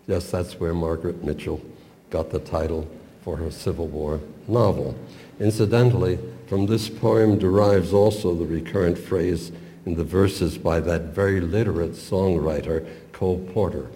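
An older man giving a measured, professorial talk on a poem, with small stumbles now and then. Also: low voice, fairly even intonation, dark tone. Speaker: literature lecturer. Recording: long reverb, roomy hall.

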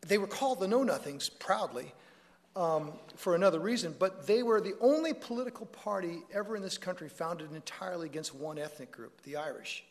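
A man's voice: high voice, animated, fairly quick. A man giving a public talk to an audience, conversational and prone to joking asides and self-corrections. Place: lecture hall with an audience. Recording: long reverb of a large hall.

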